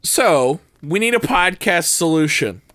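A tired man co-hosting a comedy podcast, rambling through a story, his voice jumping up and down in pitch and loudness. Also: big pitch swings, measured pace, no room sound. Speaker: podcast co-host.

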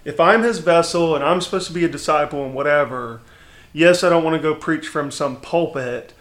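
Bright-voiced man in his thirties. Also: fairly high pitch, brisk. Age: 30s. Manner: lively, candid storytelling with frequent restarts. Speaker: podcast guest, entrepreneur. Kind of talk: casual storytelling conversation.

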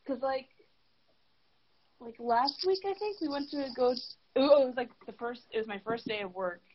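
A slightly high-voiced young woman rambles through a casual podcast chat, tired and swearing freely. Her voice comes through a dull, lo-fi recording. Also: moderate pace. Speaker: podcast co-host. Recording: dull lo-fi sound.

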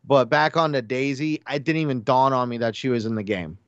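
A man chatting casually on a gaming podcast, rambling excitedly with lots of fillers and restarts. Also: mid-range voice, a little fast, dry recording, dull audio. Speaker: podcast panelist. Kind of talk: casual chat.

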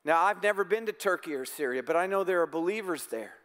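Pastor, male, high and smooth, earnest conversational sermon, long church reverb. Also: expressive, fast, a bit bright. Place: church sanctuary.

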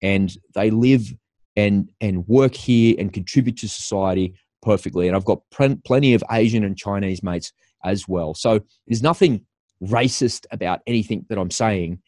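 A man's voice: on the low side, moderate pace, darkish tone, no echo, studio quality. A middle-aged Australian man giving a scornful opinion monologue, breaking into laughter at his own points.

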